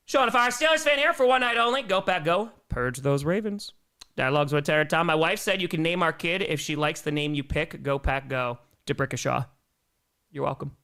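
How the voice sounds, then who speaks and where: A young man hosts a live sports stream and reads fan donations between energetic cheers. His voice sits high and swings widely in pitch. The tone is bright and the manner jokey.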